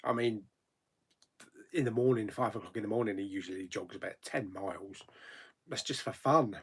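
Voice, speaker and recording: A man's voice: lowish voice, moderate pace, fairly bright tone, husky. A man hosting a live chat stream, greeting viewers one by one by name in an easygoing, chatty way. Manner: easygoing, thinks aloud with ums and asides.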